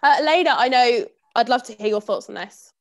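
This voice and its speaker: Bright, encouraging woman panel moderator. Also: on the high side, brisk. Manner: warm, encouraging, affirming. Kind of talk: panel discussion.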